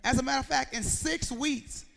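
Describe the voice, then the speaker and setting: Woman with a gravelly voice, speaking in an echoey hall. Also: sits high, normal speed, fairly bright tone. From Mississippi, USA. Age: 40s. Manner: storytelling, acts out dialogue, quizzes the audience. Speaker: motivational speaker. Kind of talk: motivational speech to students. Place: school assembly hall.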